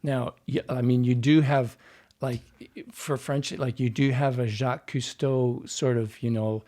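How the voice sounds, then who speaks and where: A man's voice: medium pitch, flat delivery, measured pace, mellow. Man patiently explaining accents as a coach. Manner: patient, explanatory, demonstrates sounds aloud. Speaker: dialect coach. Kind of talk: interview guest explaining accents.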